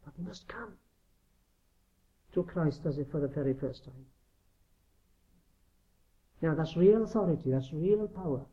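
A man's voice: fairly high pitch, expressive, moderate pace, pauses often, dark tone. A man preaching a sermon in an earnest, emphatic way, often asking rhetorical questions. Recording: dull lo-fi recording.

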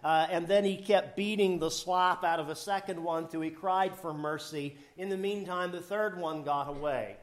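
An older man preaching a sermon in a lively, laughing way, rising to emphatic high bursts. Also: moderate pace, few pauses.

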